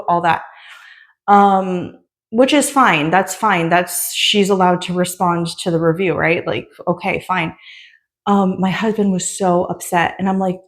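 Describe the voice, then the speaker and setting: A woman who is pregnant, a tarot reader chatting casually and rambling through a story with lots of fillers before starting a card reading. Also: fairly low pitch.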